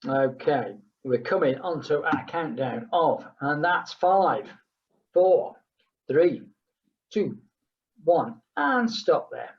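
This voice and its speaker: A woman's voice: deep voice, expressive, slow pace, pauses often, dull audio. A woman leading a group exercise class, chatting between count-downs and humming playful sounds. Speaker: fitness instructor.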